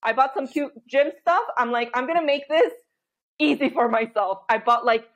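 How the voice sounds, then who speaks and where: A woman in her thirties, a podcast guest telling candid stories in an animated way, acting out her own inner voice and laughing often. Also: high-pitched, normal speed. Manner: animated storytelling, frequent laughter and quoted inner voice.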